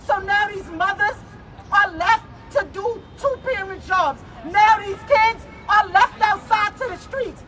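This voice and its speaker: A grieving mother with a New York accent gives a raw, emotional protest speech at an outdoor city rally. She rises to shouts and chokes up. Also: very high-pitched, unhurried. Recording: noisy outdoor rally with crowd. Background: crowd and street traffic.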